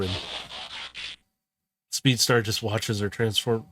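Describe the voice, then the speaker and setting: A man's voice: mid-range voice, flat delivery, takes it slowly, long pauses, fairly bright tone, a little hiss or hum. A man narrating a tabletop role-play game as game master, casual and rambling with frequent restarts. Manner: casual, rambling, self-correcting.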